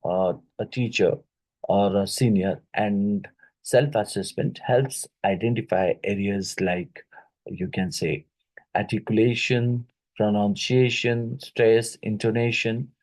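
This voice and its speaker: A man teaching an exam-prep lesson, reading each question twice and pausing with fillers and "right?" tag questions. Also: fairly low pitch, steady tone, darkish tone, low-quality recording. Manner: halting, with many fillers and "right?" tags; repeats each question aloud.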